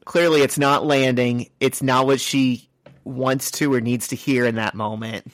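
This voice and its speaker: A man's voice: mid-range voice, steady tone, dry recording. Man casually recapping a comic, dry sound. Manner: brisk storytelling, retells scenes step by step. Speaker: podcast co-host.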